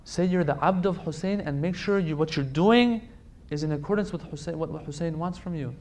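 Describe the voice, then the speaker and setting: A man delivering a religious lecture in a somewhat high voice. He speaks emphatically, repeating phrases to drive points home and turning to plead directly with his audience. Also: fairly quick, darkish tone.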